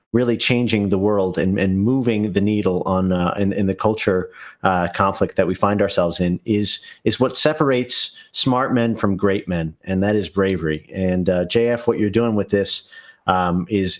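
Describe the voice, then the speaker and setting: A man appearing as a guest on a livestream, talking in a halting way full of fillers and restarts. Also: on the low side. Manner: hesitant, many fillers and restarts. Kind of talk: livestream conversation.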